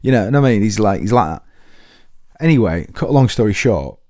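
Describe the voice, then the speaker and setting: A man's voice: lowish voice, expressive, fairly quick, mellow, dry recording, studio quality. A man hosting a podcast, talking to listeners in a rambling, self-deprecating comic monologue full of restarts. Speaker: podcast host.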